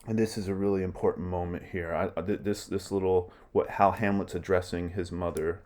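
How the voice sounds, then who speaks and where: A man's voice: sits low, fairly even intonation, brisk, hardly any pauses, a little mellow. A man teaching a class about a play, explaining lines in a casual way with many asides. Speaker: literature teacher. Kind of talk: lecture on a play.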